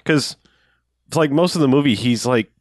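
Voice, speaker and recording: A man co-hosting a casual podcast, talking about a movie in a halting, rambling way with laughs. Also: mid-range voice, no room sound, studio quality. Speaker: podcast co-host. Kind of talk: casual movie recap chat.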